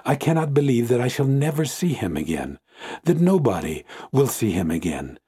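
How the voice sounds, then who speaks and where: A man's voice: medium pitch, very animated, normal speed, mellow, slightly rough. A man reading an audiobook, voicing a devoted, anguished young woman who pleads and repeats herself in grief. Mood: grieving. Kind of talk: audiobook character voice.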